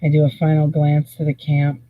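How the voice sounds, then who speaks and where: A host telling a rambling, animated story at a slow, drawn-out pace, with a husky edge to the voice. The sound is thin and tinny, like a phone line. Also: medium pitch. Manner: rambling, animated, swears freely. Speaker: live stream host. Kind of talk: casual storytelling.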